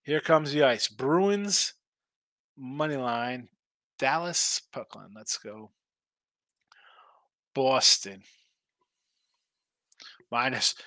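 A tired man hosts a live sports betting stream, yawning between picks and rambling along in a casual way. His voice has a bright, forward edge. The mic is close and dry, with no room sound. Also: medium pitch, no room sound. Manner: rambling, reads viewer chat aloud. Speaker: sports betting show host.

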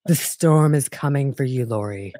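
A woman putting on a monotone, creepy man's voice, slow and flat and sinister. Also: a bass voice, no room sound, clean studio sound, pitched below the performer's own voice. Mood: menacing. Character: monotone creepy middle-aged man, menacing.

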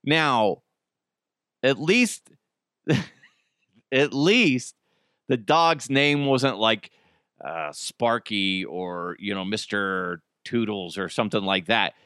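A man's voice: fairly low pitch, animated, slow pace, long pauses, pushed and bright, clean tone, dry recording, clean studio sound. A middle-aged man hosting a casual solo podcast, ranting in an exasperated, profane way and telling stories with lots of animation. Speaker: podcast host.

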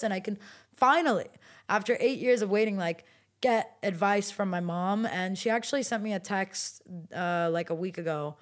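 Young woman, twenties, interview guest, casual chat, fillers and restarts, mid pitch. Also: fairly quick. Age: 20s.

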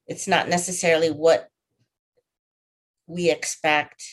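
A woman from the United States speaking in a slow, reflective, thoughtful way in casual conversation. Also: deep voice, level tone.

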